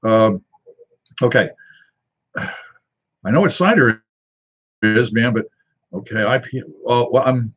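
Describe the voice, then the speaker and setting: A man's voice: mid-range voice, very animated, normal speed, long pauses, slightly rough, highs cut off. A man hosting a casual tasting video, reading a can label aloud and joking to himself in a rambling, wry way. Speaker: drink reviewer.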